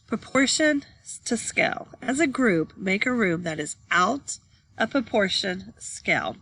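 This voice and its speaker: A woman's voice: mid-range voice, sharp tone. A woman teaching a class, reading slide text aloud and then explaining it while pointing at pictures.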